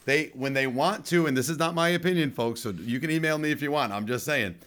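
A man's voice: on the high side, fast talker, fairly bright tone. A man hosting a casual movie podcast, telling a rambling story with jokey asides. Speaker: podcast host. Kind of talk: casual chat.

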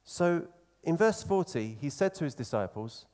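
A man preaching a sermon in an earnest, conversational way, slowing down to stress key phrases. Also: on the high side, expressive, a little mellow.

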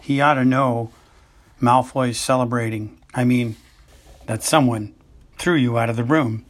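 A man's voice: medium pitch, steady tone, unhurried, lightly acted. A man reading as an impatient teenage boy. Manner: urgent, pressing questions. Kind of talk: amateur audiobook reading.

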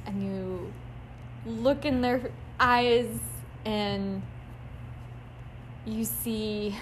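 A woman co-hosting a casual podcast. She speaks at an unhurried, slow pace and teases herself, breaking into laughter often. Faint background noise sits under her voice. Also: mid-range voice, steady tone. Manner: laughs often, playful and self-mocking. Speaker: podcast co-host. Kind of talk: casual chat.

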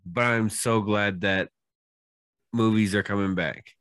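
Low-voiced laid-back podcast guy. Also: steady tone, unhurried, a bit bright, no room sound, clean studio sound. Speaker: podcast co-host. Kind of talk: casual chat.

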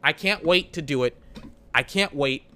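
A man's voice: on the high side, moderate pace, bright, forceful tone. A young man hosting a solo podcast, ranting about his job in a profane, exasperated, rambling way. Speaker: podcast host. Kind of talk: solo venting rant.

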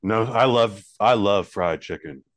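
Guy with a lowish voice, easygoing, rambles and jokes on a podcast. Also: measured pace, dry recording, clean studio sound. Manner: laid-back, joking, rambling. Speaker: podcast co-host. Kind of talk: casual comedic podcast banter.

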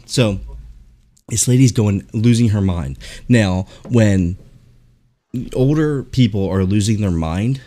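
A man hosting a podcast, telling a profane, animated story in casual chat and acting out the people in it. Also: lowish voice, slow, long pauses. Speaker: podcast host.

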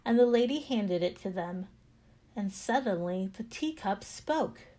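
A woman podcast host telling a devotional story in a calm, reflective manner. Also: mid-range voice, measured pace.

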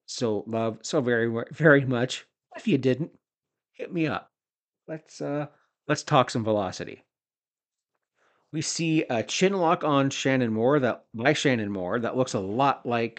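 A man from Canada in his forties, hosting a podcast and recapping old wrestling episodes in a rambling way, with jokey asides and shout-outs. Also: mid-range voice. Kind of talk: casual recap commentary.

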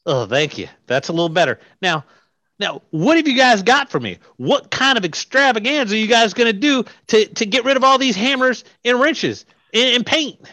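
A man's voice: very high voice, sing-song, moderate pace, bright, forceful tone, no room sound, exaggerated voice. An actor playing a tyrannical male hardware-store boss in an improv comedy scene, barking sarcastic orders. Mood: bossy.

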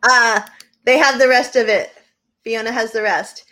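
A woman's voice: fairly high pitch, steady tone, unhurried, pushed and bright. A woman co-hosting a podcast in casual chat, teasing her partner and laughing often. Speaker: podcast co-host.

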